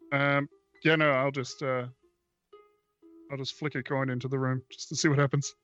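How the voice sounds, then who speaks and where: Male player, medium pitch, hesitant, thinks out loud, faint music behind. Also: little pitch movement, measured pace, lo-fi sound. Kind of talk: casual play chat.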